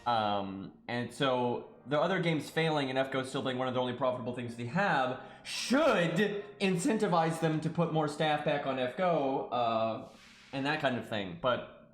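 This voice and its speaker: A man's voice: medium pitch, lively intonation, normal speed, echoey room. A man streaming a game live, thinking aloud in loose casual chat and swearing now and then. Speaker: streamer playing a mobile game. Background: faint game music.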